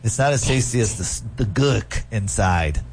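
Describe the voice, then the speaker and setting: A man's voice: lowish voice, animated, normal speed, slight background noise. Joking man on the radio. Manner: loose and joking, with fillers. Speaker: radio host. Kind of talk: casual morning radio banter.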